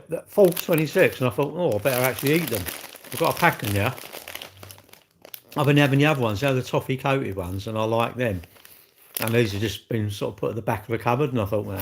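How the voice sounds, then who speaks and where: A man's voice: medium pitch, slight background noise. Rambling man livestreaming. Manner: rambling, chatty, greeting viewers by name mid-sentence. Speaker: livestream host. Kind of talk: casual live-stream chat.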